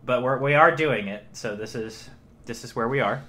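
A man's voice: mid-range voice, normal speed, bright, forceful tone. A man co-hosting a podcast in casual comedic banter, riffing earnestly and thinking aloud. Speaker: podcast co-host.

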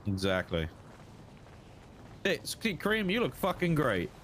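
A man's voice: a little high, wildly swooping pitch, a little slow, a bit bright, a little hiss or hum. A man in a role-play game, talking bluntly and casually in character and swearing freely.

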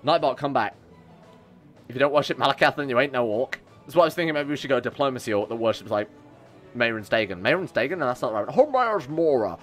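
A man's voice: medium pitch, fast, a bit bright. A young man, chatting casually and joking with his chat while he sets up a strategy game on stream. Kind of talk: live game commentary. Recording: faint music behind.

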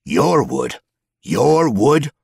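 A man's voice: a bass voice, lively intonation, slightly rough, dry recording, clean studio sound, heavily acted. A man voicing a scrawny, humpbacked male goblin who talks in a growling, rustic drawl, irritable and stubborn. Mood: snappish. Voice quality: growling, rustic folksy speech. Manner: snappish, then slow and brooding.

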